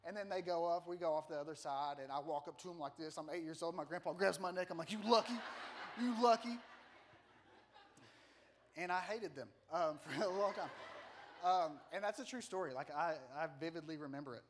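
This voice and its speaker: A male pastor preaching a sermon, telling a funny personal story in an animated, self-deprecating way. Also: on the high side, fast, slight background noise.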